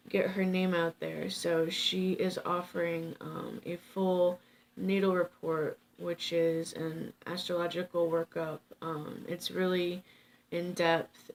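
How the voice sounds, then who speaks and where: A woman's voice: fairly low pitch, a little hiss or hum. Chatty, rambling woman tarot reader. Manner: rambling and chatty, many fillers and self-interrupting laughs; joking, swears casually. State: tired without coffee. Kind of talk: casual chat to camera.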